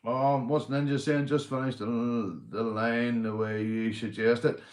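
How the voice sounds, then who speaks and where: A Northern Irish man talks casually on a livestream in a mid-range voice, sipping a beer between lines. He swings from loud, lively shout-outs to low, gruff muttering and swears freely. The room around him has a noticeable echo. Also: unhurried.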